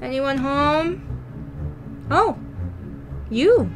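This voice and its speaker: A woman's voice: sits high, animated, drawn-out words, music in the background. A young woman giving casual, playful commentary while playing a video game, talking to herself with jokey taunts and sudden squeals. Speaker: gaming YouTuber.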